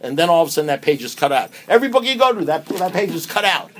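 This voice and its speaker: Speaking at a recovery meeting, a man races through his talk in a slightly high voice with big pitch swings. He preaches emphatically, full of rhetorical questions, alternating between booming and hushed moments.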